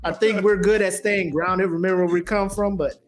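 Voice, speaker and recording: A man's voice: high voice, fairly even intonation, a little fast, faint music behind. A man in his forties co-hosting a podcast, talking loosely, joking, swearing freely and laughing often. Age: 40s. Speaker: podcast co-host. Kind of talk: casual podcast banter.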